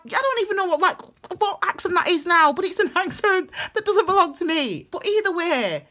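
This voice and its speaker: A woman's voice: very high-pitched, big pitch swings, brisk, few pauses, pushed and bright. A woman giving a casual tarot reading, chatty and rambling, laughing often. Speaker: tarot reader.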